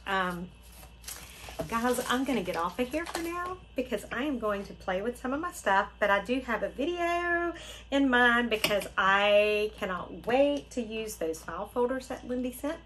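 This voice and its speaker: This middle-aged woman from Florida hosts a craft channel, and in her unboxing vlog she addresses viewers directly, exclaiming and gushing with delight. Her fairly high, bright voice has lively intonation and a normal speed, though the low-quality recording has a little hiss or hum.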